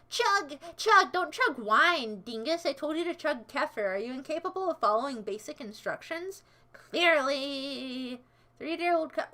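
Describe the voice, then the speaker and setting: A woman's voice: high-pitched, bright, forceful tone. A woman livestreaming in a casual chat, answering her viewers in a playful, goofy way that jumps between silly voices and asides.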